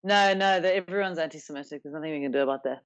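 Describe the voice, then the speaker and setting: A woman's voice: deep voice, very fast, highs cut off. A South African woman comedian speaking as a guest in a casual interview, emphatic and given to stammered repeats and comic exaggeration.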